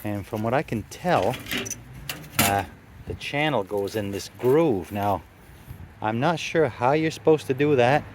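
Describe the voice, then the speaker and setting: A man's voice: mid-range voice, darkish tone, a little hiss or hum. Easygoing man rambling in his garage. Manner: easygoing, rambling, many fillers, dry sarcasm. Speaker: classic car restorer. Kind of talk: casual workshop vlog narration. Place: garage workshop.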